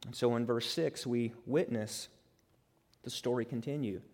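A man preaching a sermon as pastor, emphatic and conversational, acting out quotes and building to loud peaks. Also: medium pitch, unhurried. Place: church sanctuary. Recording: reverberant hall.

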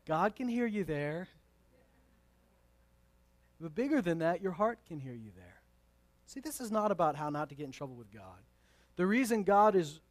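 A male pastor preaching a sermon, emphatic and conversational, moving from loud declarations to hushed asides with playful remarks. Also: a little high, animated, normal speed, no room sound.

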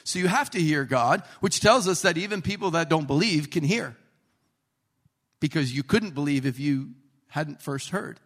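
A man's voice: a little high, moderate pace. A man preaching a sermon in a humorous storytelling way, acting out the people he quotes. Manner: animated, jokey, acts out quotes.

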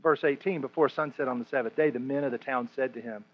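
A man preaching a sermon, animated and joking, often repeating his words as he explains scripture. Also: mid-range voice, quick pace, muffled recording. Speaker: pastor.

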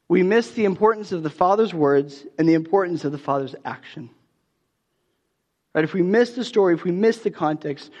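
A man preaching a sermon in a relaxed, conversational way, telling a story with many restarts and fillers. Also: sits high. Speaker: pastor. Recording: dull sound with long hall reverb.

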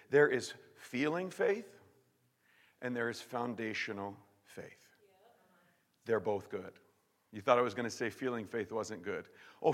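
A male pastor preaching a sermon in an animated, emphatic way, often repeating and restarting his words. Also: mid-range voice, big-room sound. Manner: animated, emphatic preaching with sudden shouts and drops to near-whisper.

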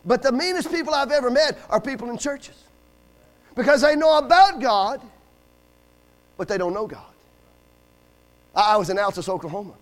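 Very high-voiced man preaching a sermon. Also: lively intonation, normal speed, pauses often. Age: middle-aged. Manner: storytelling with acted quotes, rising to emphatic calls for amen. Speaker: guest preacher. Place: church service.

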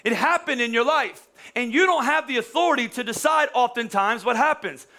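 A man's voice: extremely high pitch, brisk, sharp tone. A man in his forties preaching a sermon in a conversational, joking way, often restarting his sentences. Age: 40s. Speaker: pastor.

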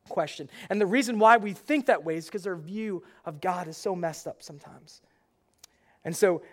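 A young man with a fairly high voice preaches a sermon. He talks conversationally, pushing some lines out loudly and dropping others to a near hush. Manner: conversational preaching, swinging between loud emphasis and soft intimate lines.

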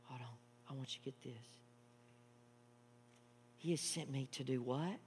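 A man preaching a sermon, moving between hushed storytelling and loud, impassioned preaching. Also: medium pitch, measured pace. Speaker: pastor. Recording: long hall reverb with mains hum.

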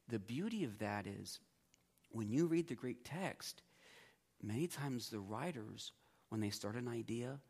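A man's voice: lowish voice, vocal fry, a little mellow. Man teaching a Bible class. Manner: conversational, acts out students' reactions.

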